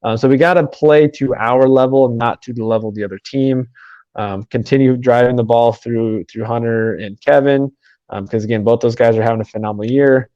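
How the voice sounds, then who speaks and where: A man hosting a sports podcast, talking quickly in run-on sentences with many fillers. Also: medium pitch, steady tone, warm tone, no room sound, muffled recording. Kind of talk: casual sports podcast chat.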